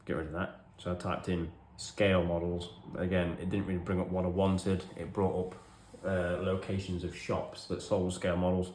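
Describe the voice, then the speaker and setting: Deep-voiced wry English man. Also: level tone, normal speed, hardly any pauses, darkish tone, roomy sound, a little hiss or hum. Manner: self-deprecating, wry, chatty. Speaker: hobby vlogger. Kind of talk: rambling casual storytelling. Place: home hobby room.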